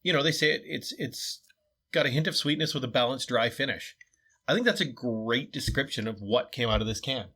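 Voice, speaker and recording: Descriptive young co-host, bright tone, easy casual chat. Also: male voice, mid-range voice, brisk, breathy edge. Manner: thoughtful, descriptive. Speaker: beer review co-host.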